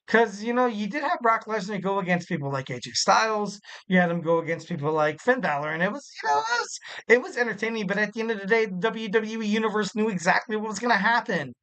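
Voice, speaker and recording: A young man hosting a wrestling podcast solo, talking casually in a rambling, animated way with frequent laughs. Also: high voice, fast, low-quality recording. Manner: rambling and animated, full of "like" and "you know", laughs a lot.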